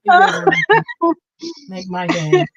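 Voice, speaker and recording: Slow-talking woman craft host, teasing. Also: medium pitch, sing-song, highs cut off, crowd noise. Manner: laughs often, teasing. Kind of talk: casual chat. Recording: clear background noise.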